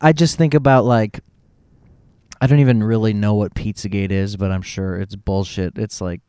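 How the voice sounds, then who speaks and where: A man's voice: on the low side, steady tone, normal speed, warm tone, smooth, no room sound. A man from Florida chatting casually, hesitant and often restarting his sentences. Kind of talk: casual chat.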